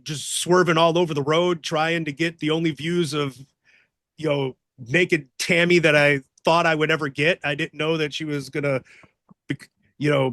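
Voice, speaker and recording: A man telling profane, excitable wrestling stories in a casual interview, acting out the shouts of people in them. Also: fairly high pitch, dry recording, studio quality. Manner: profane, excitable storyteller acting out others' voices.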